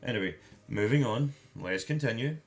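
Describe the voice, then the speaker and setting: A man's voice: mid-range voice, expressive, normal speed. A man giving an angry, profanity-laden commentary as a vlogger, hurling insults.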